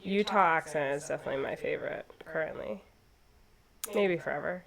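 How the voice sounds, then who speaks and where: A young woman with a Californian Valley Girl accent co-hosting a podcast, talking casually with vocal fry and drawn-out words. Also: sits low, crowd noise. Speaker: podcast co-host. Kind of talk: casual chat.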